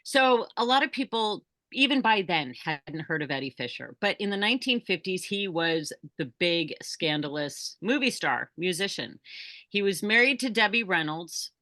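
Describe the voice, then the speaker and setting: Lively, bright-voiced woman telling a story. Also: on the low side, moderate pace, no room sound, studio quality. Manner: animated storyteller, acts out quotes. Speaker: bookseller guest. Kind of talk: casual anecdote on a video call. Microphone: video call.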